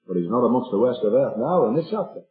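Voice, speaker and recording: A man's voice: medium pitch, very animated, quick pace. A man preaching a sermon to his congregation, earnest and full of rhetorical questions. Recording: tinny lo-fi recording in an echoey hall.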